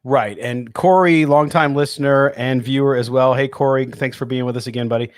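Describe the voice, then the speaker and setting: A man's voice: mid-range voice, fairly even intonation, brisk, dry recording. Dry-miked man co-hosting sports radio. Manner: reads listener comments and answers them. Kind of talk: casual sports radio chat.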